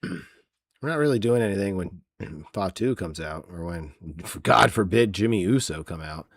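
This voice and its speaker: A man's voice: sits low, animated, a little slow. A man hosting a wrestling podcast, ranting sarcastically in casual chat with many fillers. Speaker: podcast host.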